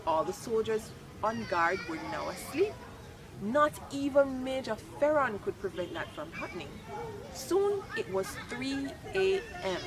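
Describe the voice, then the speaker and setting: A woman reading a children's chapter book aloud, lively and expressive. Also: medium pitch. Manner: expressive, lifts voice for quoted lines. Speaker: storybook reader. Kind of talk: read-aloud children's story narration.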